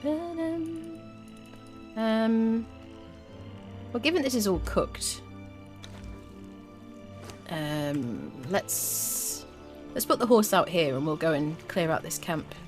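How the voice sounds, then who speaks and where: A woman's voice: lowish voice, sing-song, slow, pauses often, darkish tone, soft background music. A woman streaming a game, chatting casually with her viewers and humming little tunes as she plays. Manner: chatty, talks to chat, hums little tunes. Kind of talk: casual live gameplay commentary.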